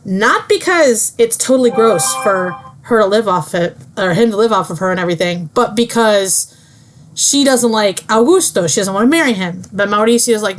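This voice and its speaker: A woman's voice: a little high, normal speed. A young woman student giving a chatty, casual book summary, full of fillers. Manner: chatty, lots of fillers, breezy.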